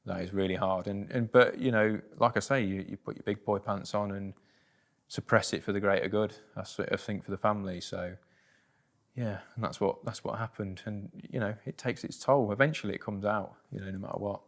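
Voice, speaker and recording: A man's voice: lowish voice, steady tone, brisk. A British man as an interview guest, telling a personal story candidly and plainly, with many fillers and restarts.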